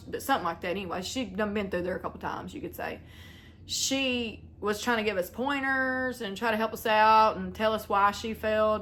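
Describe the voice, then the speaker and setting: A woman's voice: medium pitch, a bit bright, slight background noise. A young woman, telling a long story to her viewers in a chatty, rambling way and acting out the voices of the people in it. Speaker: vlogger. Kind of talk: casual storytelling to camera.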